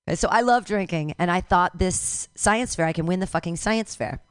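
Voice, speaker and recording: A woman's voice: on the low side, fairly quick, smooth, no echo, clean studio sound. A woman in her fifties doing a stand-up comedy set, rambling, irreverent and self-mocking.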